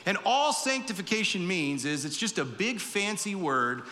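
Male pastor, conversational sermon, quick character voices for quotes, forceful tone, reverberant church. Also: high voice, big pitch swings.

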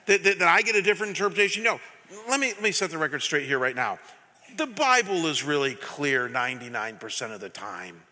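A middle-aged male pastor delivers a fervent sermon with a fairly high, very bright and forceful voice. He drives his points home, keeps putting questions to the congregation, and his words ring out with a long hall reverb. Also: lively intonation, brisk. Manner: passionate, emphatic, asks the congregation questions. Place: church sanctuary.

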